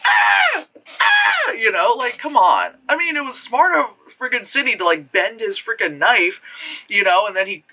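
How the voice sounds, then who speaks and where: Vlogger reviewing a film off the cuff; bright, lively delivery, loose and profane. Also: moderate pace. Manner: rambling, loose and profane, full of fillers; animated, jumps into high voices for retold reactions. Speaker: movie reviewer. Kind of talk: casual spoken film review.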